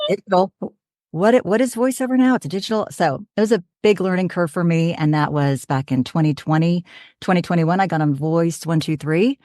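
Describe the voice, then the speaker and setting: A woman in her fifties from Oklahoma talks in a low, chatty voice. She tells her story in an animated, casual podcast manner. The sound is dry and close. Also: no echo. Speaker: voiceover artist, guest.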